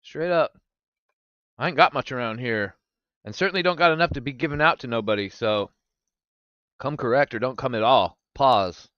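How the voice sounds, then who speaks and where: A man's voice: medium pitch, fairly quick, long pauses, no room sound, muffled recording. A young man streaming live, chatting casually with his viewers and swearing freely. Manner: animated, swearing, talks to chat. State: recovering from gallstones.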